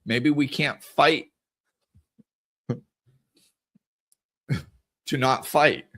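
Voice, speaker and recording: A middle-aged man hosts a podcast in a medium-pitched, steady voice that sounds pushed and bright, drawing out his words. His earnest, reflective monologue covers scripture and the inner life, with frequent repetitions and self-corrections.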